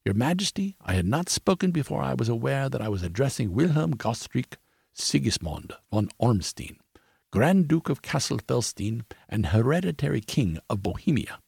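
Audiobook: narrator doing a languid, dry detective, husky and lively in pitch. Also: male voice, normal speed, no room sound, exaggerated voice. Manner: dry and clipped, murmuring.

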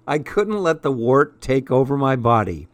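A man narrating a first-person story in a measured, expressive audiobook style. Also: medium pitch, no echo.

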